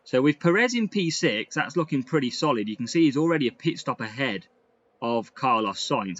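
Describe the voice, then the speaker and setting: A man giving lively, excitable commentary over a racing game he is playing. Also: medium pitch, highs cut off. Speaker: gaming YouTuber. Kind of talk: gameplay commentary.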